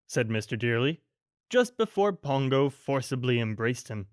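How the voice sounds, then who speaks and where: A man narrating a children's bedtime audiobook in a gentle, expressive storytelling manner. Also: medium pitch, moderate pace, dry recording, clean studio sound.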